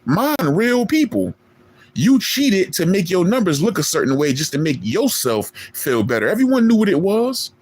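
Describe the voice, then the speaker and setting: A man's voice: high-pitched, big pitch swings, moderate pace, darkish tone, breathy edge, no room sound. A man, streaming a boastful, profane callout rant at a rival in street slang. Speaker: online streamer.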